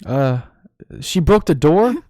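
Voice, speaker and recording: A man's voice: a little high, expressive, takes it slowly, a little mellow, slight background noise. Man streaming a game playthrough. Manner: reads game dialogue aloud, then rants with exasperated laughter. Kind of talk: live game playthrough reaction.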